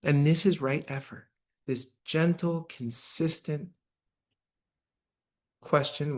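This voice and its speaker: A man's voice: on the high side, fairly even intonation, takes it slowly, long pauses. A man giving a dharma talk to a live audience in a church hall, speaking conversationally and often checking in with "right?". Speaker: meditation teacher.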